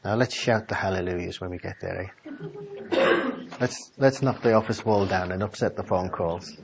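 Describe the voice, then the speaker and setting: A man's voice: low voice, moderate pace, creaky, heavy background noise. Preacher man, fervent scripture reading. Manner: reads scripture aloud with rising fervour. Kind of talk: Bible-study sermon. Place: small office meeting room.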